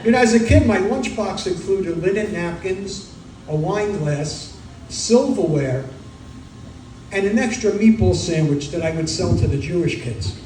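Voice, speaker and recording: A middle-aged stand-up comic from Brooklyn with a New York Italian accent, firing off quick one-liners with deadpan punchlines. His voice sits high for a man, and it reaches the mic from across a roomy club with a faint murmur of the room behind it. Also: a little hiss or hum. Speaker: stand-up comedian. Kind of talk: stand-up comedy set. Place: comedy club stage. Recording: roomy club sound from a distance.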